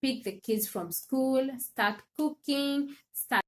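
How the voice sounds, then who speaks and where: A woman, her voice sitting a little on the high side. She talks in a loose, chatty way and laughs often as she speaks straight to her viewers. This is an easygoing livestream monologue. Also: slow pace. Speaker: livestream host.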